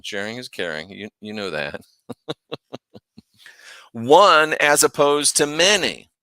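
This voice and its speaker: Slow, emphatic man teaching scripture. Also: medium pitch, bright, forceful tone, clean tone, no echo, clean studio sound. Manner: emphatic, rhetorical questions, thinks aloud. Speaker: host. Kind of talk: casual Bible teaching.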